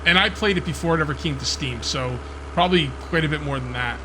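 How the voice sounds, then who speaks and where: A man with a New Jersey accent talks through his game session in a relaxed, rambling way, often restarting his sentences. His voice sits a little on the high side. A steady bed of engine noise from the game runs underneath. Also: fast talker. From Central New Jersey. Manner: chatty, thinks aloud, frequent restarts and fillers. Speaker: gaming channel host. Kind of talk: casual let's-play commentary.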